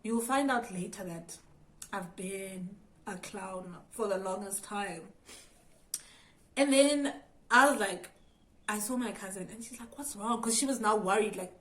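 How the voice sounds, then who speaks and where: A young woman with a South African accent tells a personal story straight to her viewers. Her voice sits at an ordinary middle pitch, and she switches quickly between plain telling and acting out what she thought at the time. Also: a little hiss or hum, low-quality recording. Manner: animated, talks straight to viewers, acts out her own past thoughts. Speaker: YouTuber. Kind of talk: storytime vlog.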